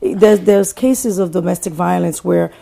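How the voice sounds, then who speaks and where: A woman interviewer asking questions and prompting with soft acknowledgments. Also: lowish voice, fairly even intonation, a little slow, creaky.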